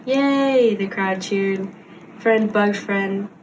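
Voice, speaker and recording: Young woman reading a storybook slowly. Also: medium pitch, fairly even intonation, distant mic, a little hiss or hum, rough recording. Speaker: team member reading aloud. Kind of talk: storybook read-aloud.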